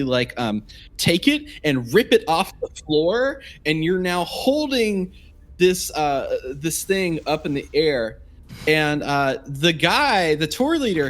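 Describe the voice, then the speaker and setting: A man's voice: on the high side, fairly bright tone. A man narrating a tabletop game as game master, casual with many fillers. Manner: casual, filler-heavy, halting.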